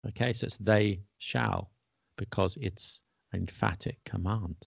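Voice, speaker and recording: A man's voice: lowish voice, steady tone, unhurried, vocal fry, slightly rough, dry recording. A man hosting a casual podcast and patiently explaining English grammar, checking in with his listener. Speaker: English teacher and podcast host.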